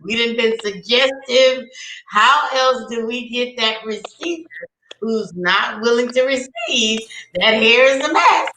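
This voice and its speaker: A woman hosting a casual talk show, blunt and animated, laughing often as she talks. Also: fairly high pitch, a little slow, roomy sound, a little hiss or hum, rough recording. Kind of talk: casual chat.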